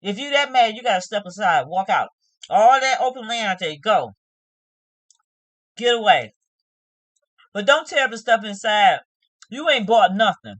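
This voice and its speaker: Recapping a reality show, a woman scolds the people on it and performs their quotes, emphatic but casual throughout. She speaks in a medium-pitched, sing-song voice at a moderate pace, pausing often; the sound is a bit bright with no echo.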